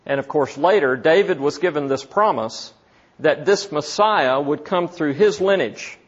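Slow, deliberate male preacher. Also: on the high side, slightly rough, highs cut off. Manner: slow, deliberate, asks the listeners questions. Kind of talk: Bible teaching sermon.

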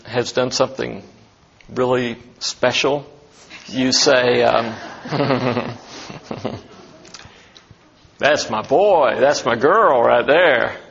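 A man's voice: medium pitch, gravelly, fairly bright tone, dull audio. A man preaching an expository sermon as a pastor, talking emphatically and asking many rhetorical questions.

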